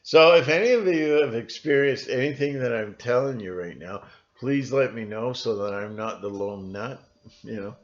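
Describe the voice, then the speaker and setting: A man talking in a rambling solo monologue, halting often with fillers and restarts. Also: medium pitch. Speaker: channel host. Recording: dull lo-fi recording.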